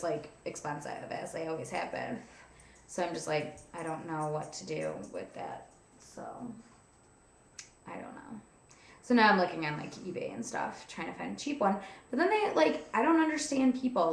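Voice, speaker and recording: A woman's voice: mid-range voice, echoey room. A young woman venting in a casual vlog, chatty and cranky, filling her talk with "like". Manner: chatty, frequent "like" fillers, frustrated and cranky. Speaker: vlogger. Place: at home, seated with a cat on her lap.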